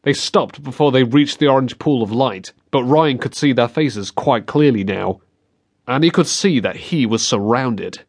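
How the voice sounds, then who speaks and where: A man reading a novel aloud as an audiobook narrator, in measured, expressive storytelling. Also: medium pitch, slightly rough. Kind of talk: scripted narration. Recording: dry close studio sound.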